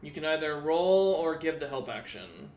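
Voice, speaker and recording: Man, game master, slightly high voice, halting narration. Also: animated, a little mellow, echoey room, a little hiss or hum.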